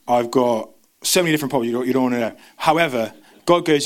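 A man preaching a sermon, talking fast with frequent restarts and stumbles. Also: mid-range voice. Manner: fast, stumbling, self-interrupting.

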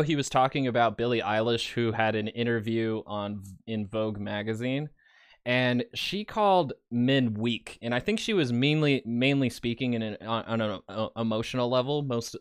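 A man gives sarcastic reaction commentary at a middling pitch, with a chuckle now and then. He speaks loosely, in a casual way. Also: clear, resonant tone. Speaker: commentary host.

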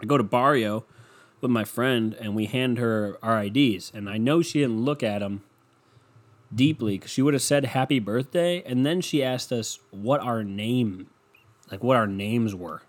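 A twenty-two-year-old man talks to his listeners in a loose, rambling way. He is sarcastic and profane and pokes fun at himself. His voice sits at an ordinary pitch for a man. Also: unhurried. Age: 20s. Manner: sarcastic, profane, self-mocking. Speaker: solo podcaster. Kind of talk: rambling casual monologue.

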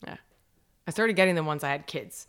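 A woman's voice: low-pitched, fairly quick, a bit bright, clear, resonant tone. A woman in her thirties in casual podcast chat, telling stories and saying "like" often. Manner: chatty, storytelling, says "like" a lot.

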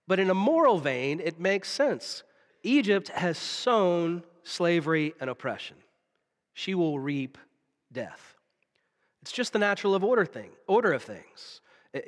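A man from the preaching a sermon, telling stories with dramatic pauses and drops to a hush. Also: fairly high pitch. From Southern United States. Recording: long reverb of a large hall.

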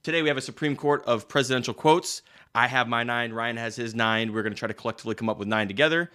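A man hosting a podcast in casual chat, upbeat, brisk and chatty. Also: medium pitch, sharp tone, soft background music. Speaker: podcast host.

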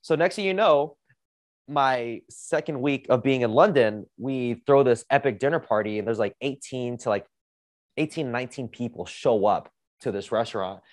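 Guy hosting a podcast, amped up, cursing constantly, mid pitch, dry sound. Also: moderate pace, no room sound. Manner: energetic, profane, heavy use of "like". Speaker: podcast host. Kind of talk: casual storytelling monologue.

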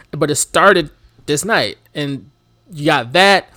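A man co-hosting a casual wrestling chat, animated, laughing often and shouting out imitations of commentators. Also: on the high side, drawn-out words, no room sound, clean studio sound. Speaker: podcast co-host.

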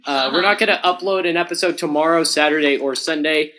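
A teenage host running a casual podcast chat among friends. The voice sits at an ordinary middle pitch and keeps nudging the group along with quick "all right"s and "okay"s. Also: bright, forceful tone. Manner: steers the talk with repeated "all right".

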